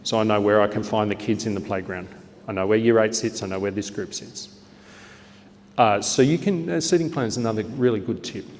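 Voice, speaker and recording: An Australian man giving a lively workshop talk to teachers, acting out classroom lines with a bigger, brighter voice. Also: fairly low pitch, fairly quick, long reverb tail. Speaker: teacher trainer.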